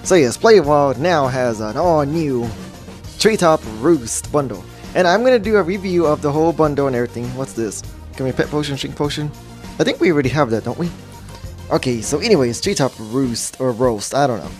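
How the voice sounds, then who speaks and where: A man's voice: on the high side, animated, fairly quick, soft background music. A man giving casual, jokey gameplay commentary as a gaming YouTuber, rambling and easily sidetracked.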